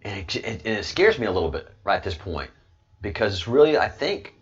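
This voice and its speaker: A lower-pitched man hosts a casual livestream, his husky voice swinging widely up and down as he rambles and jokes. He speaks into a desk microphone, and the recording sounds dull and lo-fi. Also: big pitch swings, a little fast. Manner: rambling, repetitive, jokey asides. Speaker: livestream host.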